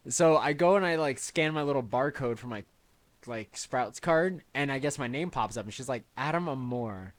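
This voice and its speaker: Young male podcast host, mid-pitched, easygoing storyteller. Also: moderate pace, no echo. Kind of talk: casual chat, storytelling.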